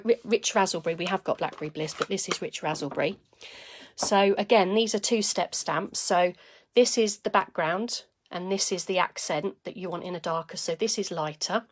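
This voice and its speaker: Chatty woman demonstrating papercraft. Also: medium pitch. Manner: chatty, greets viewers by name mid-task; talks while stamping, quiet asides. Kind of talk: live crafting demonstration.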